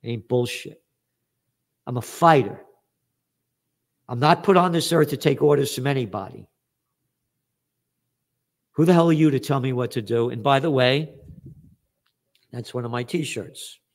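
A man's voice: mid-range voice, measured pace, long pauses. A man, a guest author talking in a blunt, emphatic, streetwise way. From United States. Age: 70s. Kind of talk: animated interview talk.

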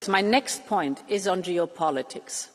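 A woman politician giving a formal, deliberate speech. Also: on the low side, long reverb tail.

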